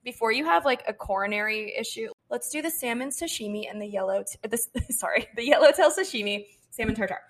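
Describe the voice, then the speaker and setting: A woman's voice: on the high side, fast, few pauses. A young woman co-hosting a podcast, telling a dating story in casual chat, acting out what people said and laughing often. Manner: animated, quotes people in her own voice, laughs often. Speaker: podcast co-host.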